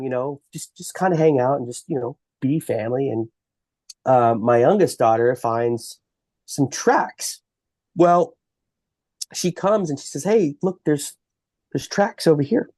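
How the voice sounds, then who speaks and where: A man with a Texan accent, a guest on a podcast, telling a long story in an animated, halting way full of restarts. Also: fairly high pitch, no echo, clean studio sound. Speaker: bigfoot researcher guest.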